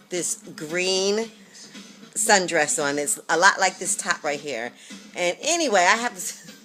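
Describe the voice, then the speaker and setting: Sassy chatty woman with a bright voice. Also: fairly low pitch. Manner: chatty, sassy and candid, with asides to viewers. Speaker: vlogger. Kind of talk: casual weight-loss vlog.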